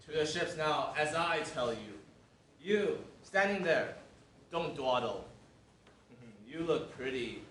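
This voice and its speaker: A man's voice: fairly high pitch, expressive, takes it slowly, fairly bright tone. A man playing a gloating, menacing herald. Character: menacing, mocking male herald who bullies captive women. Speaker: herald of the sons of Egyptos, stage actor. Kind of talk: school stage play performance. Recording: echoey stage, distant mic, faint hiss.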